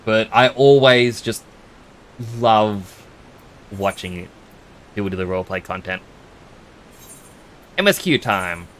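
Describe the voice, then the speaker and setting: A man's voice: on the low side, animated, takes it slowly, pauses often, a bit bright. A chatty man with an Australian accent giving casual commentary while streaming a game and thanking viewers.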